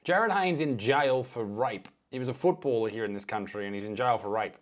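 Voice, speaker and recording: An Australian man in a mid-range voice riffs through casual reaction commentary. He is deadpan and sarcastic, swearing freely. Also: mid-range voice, a little fast. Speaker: comedian reacting to videos.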